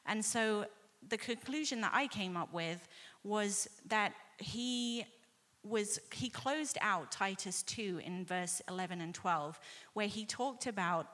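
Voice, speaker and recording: A woman sharing her personal Bible study reflection in an earnest, measured way. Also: mid-range voice, a bit bright. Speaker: class member sharing a study.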